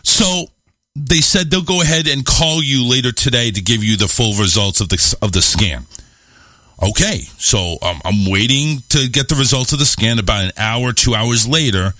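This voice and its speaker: A man with a bright, forward voice tells a rambling, self-mocking story in casual talk-show chat. He swears freely and keeps things lively. His voice sounds close and dry. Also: medium pitch, moderate pace, no echo. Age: adult, married. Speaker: radio show host.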